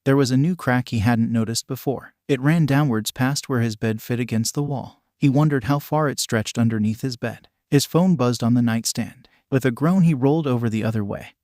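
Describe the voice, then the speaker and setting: Pria narator cerita penggemar, suara kering. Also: male voice, medium pitch, moderate pace, hardly any pauses, darkish tone, dry recording, studio quality. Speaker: narrator. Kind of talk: reading fan fiction aloud.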